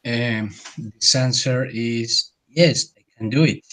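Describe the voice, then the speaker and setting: A male student answering in a language class, hesitant and halting, with many fillers. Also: mid-range voice, fairly bright tone, rough recording.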